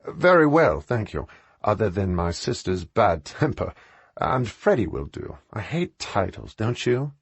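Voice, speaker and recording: Charming mischievous nobleman, read by a man, low, husky and teasing. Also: big pitch swings, measured pace, no room sound, highs cut off, exaggerated voice.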